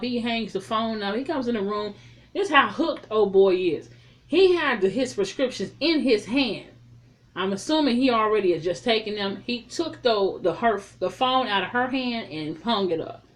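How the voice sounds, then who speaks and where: A woman talks through the plot of a film in a loose, conversational recap, at a mid pitch for a woman. She tells the story with animated energy, swears freely, and wanders into her own asides. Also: normal speed. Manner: chatty, profane, animated retelling. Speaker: film reviewer. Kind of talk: casual spoken movie recap.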